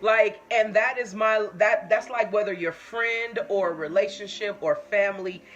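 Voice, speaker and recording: A woman's voice: medium pitch, measured pace, faint music behind. A woman hosting a live stream in casual chat. She tells her own stories candidly with plenty of swearing and reads viewer comments aloud. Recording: muffled lo-fi stream audio.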